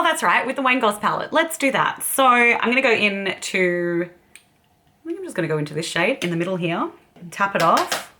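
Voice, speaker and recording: A woman's voice: mid-range voice, bright, forceful tone. An Australian woman chatting casually as a beauty vlogger while doing her makeup, giggling often. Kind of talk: casual get-ready-with-me chat.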